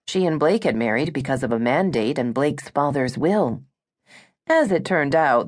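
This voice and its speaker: A woman narrating a romance audiobook in a smooth, measured storytelling manner. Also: deep voice, darkish tone.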